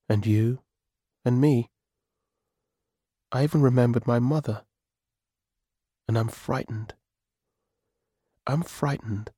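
A man voicing a weary, grieving older husband in a storybook reading, with a weak, quiet voice. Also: mid-range voice, slightly rough, dry recording, clean studio sound.

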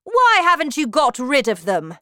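A woman voicing a cruel, bossy female witch leader who shouts her orders with scorn, in a storybook reading. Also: high-pitched, huge pitch swings, a little slow, no room sound, studio quality, pitched above the performer's own voice, exaggerated voice. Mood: scornful, commanding. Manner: shouting, commanding, contemptuous.

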